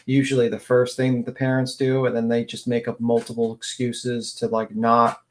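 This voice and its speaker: A man's voice: mid-range voice, completely flat delivery, normal speed. A man co-hosting a casual true-crime chat, talking in a rambling way with many fillers. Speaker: co-host.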